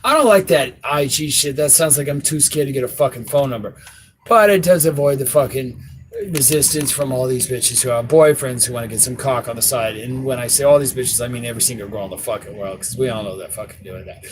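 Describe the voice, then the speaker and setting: A man's voice: medium pitch, brisk, a crowd in the background, low-quality recording. A man coaching on dating in a crude, blunt, profane way, acting out both sides of conversations with women. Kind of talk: casual instructional talk.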